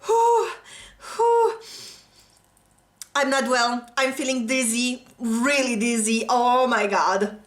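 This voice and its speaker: A woman hosting a reaction video, gasping and exclaiming breathlessly with excitement. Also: a little high, a little slow. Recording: roomy echo with music playing behind. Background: the reacted music video's music.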